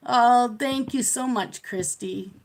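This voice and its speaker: A woman's voice: on the high side, slow. A middle-aged woman with a slightly raised, light voice chats casually while she colors on a live stream. She tells stories in a loose, friendly flow and laughs often. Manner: chatty storyteller who laughs often.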